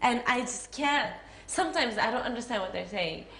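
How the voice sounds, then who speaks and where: Here a young woman with a Japanese accent, an actress in an interview, speaks at normal speed in a sharp, somewhat high voice with lively intonation. She stays casual and chatty, giggling and using plenty of fillers. The recording has echo and faint noise.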